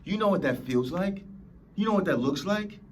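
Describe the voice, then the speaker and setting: A man's voice: high-pitched, animated, moderate pace, slight background noise. A man hosting a motivational podcast, preaching emphatically and acting out whiny complainers. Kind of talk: motivational talk.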